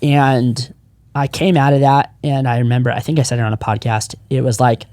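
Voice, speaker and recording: A man's voice: medium pitch, flat delivery, fairly quick, a little mellow, no echo, clean studio sound. A man in his thirties, a podcast co-founder, telling his personal story in casual chat, earnest and rambling with frequent restarts.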